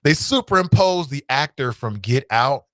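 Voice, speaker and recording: A man hosting a talk show with an American Midwest accent, giving casual commentary, animated and laughing, swinging from loud outbursts to low asides. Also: moderate pace, no echo, clean studio sound.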